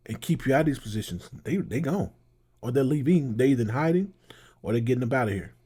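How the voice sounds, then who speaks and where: A man hosting a casual reaction show. His voice is husky and mellow, and his talk rambles loosely, like chat. He sounds relaxed and conversational. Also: mid-range voice. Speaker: commentary host.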